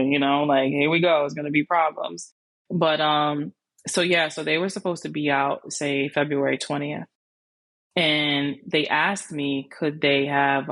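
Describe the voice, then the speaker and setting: A woman podcast host telling a personal story, animated, acting out the conversations she quotes. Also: low-pitched, no echo. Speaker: landlord and life coach. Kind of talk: storytelling monologue.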